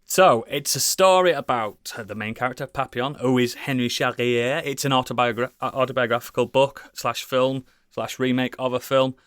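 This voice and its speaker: A man chatting casually as a podcast co-host, rambling and enthusiastic, swearing often and filling pauses with ums and likes. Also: medium pitch, a bit bright, smooth, dry recording. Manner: rambling, enthusiastic, swears a lot, many fillers. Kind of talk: casual chat.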